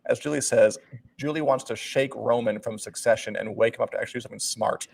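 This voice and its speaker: A man co-hosting a podcast in relaxed conversation. He has a dry, teasing way of talking. His voice sits at an ordinary middle pitch. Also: quick pace, gravelly, breathy edge. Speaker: podcast co-host. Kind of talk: casual chat.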